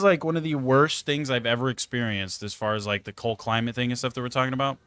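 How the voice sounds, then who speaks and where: A man's voice: mid-range voice, a little fast, smooth, no echo. A young man chats to his live-stream audience from a small home room, swearing freely and getting worked up as he tells a story. His voice sits mid-range and sounds dry and close on a desk mic. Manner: animated, swearing, exasperated storytelling. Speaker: game streamer. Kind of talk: casual live-stream chat.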